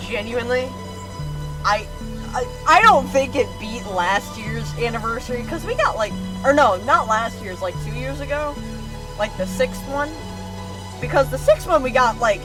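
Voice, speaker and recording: A woman streamer reacting live, excitable, casual and swearing freely as she shouts and laughs. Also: a little high, normal speed, over music.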